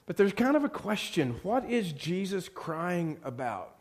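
Man preaching, hushed to fervent. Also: sits high, very animated, a little slow. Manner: storytelling preaching that swings from hushed to loud and fervent. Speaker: pastor. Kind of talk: sermon.

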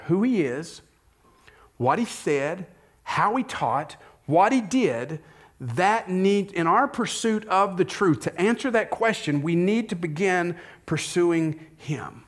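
Higher-voiced man preaching a sermon. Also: expressive, unhurried. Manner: conversational, asks the congregation rhetorical questions. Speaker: pastor.

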